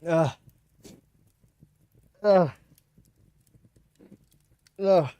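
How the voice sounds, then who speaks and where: A man's voice: high voice, extremely slow, dark tone, clean tone. A man streaming a game live, chatting casually, swearing often and groaning while he eats spicy food. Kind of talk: casual livestream chat.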